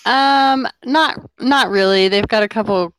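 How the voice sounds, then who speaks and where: A woman's voice: on the high side, unhurried, a bit bright, slight background noise, low-quality recording. A woman author talking casually as a guest, wry and playful, laughing between thoughts. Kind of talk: casual chat.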